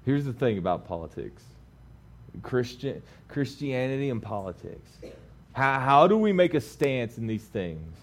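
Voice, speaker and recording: A man in his thirties preaching a sermon, alternating lively, laughing storytelling with calm scripture reading. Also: mid-range voice, measured pace. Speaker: pastor.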